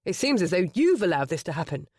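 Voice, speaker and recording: A narrator voicing a stern, stubborn nobleman brother in an audiobook, loud and indignant. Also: high-pitched, big pitch swings, quick pace, no room sound, clean studio sound, exaggerated voice. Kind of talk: audiobook character voice.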